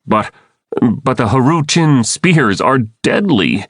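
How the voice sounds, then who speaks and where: A man's voice: sits low, big pitch swings, slow pace, dry recording, studio quality, exaggerated voice. A man voicing a cold sneering alien controller. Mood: pouting. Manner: sneering, mocking. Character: cold cruel alien mind-controller, male.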